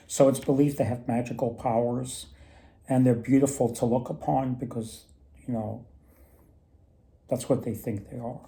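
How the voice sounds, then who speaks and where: A man's voice: mid-range voice, mellow. A man casually retelling folk myths and tales, rambling with many restarts. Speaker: storyteller and mythology presenter. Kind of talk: casual storytelling talk.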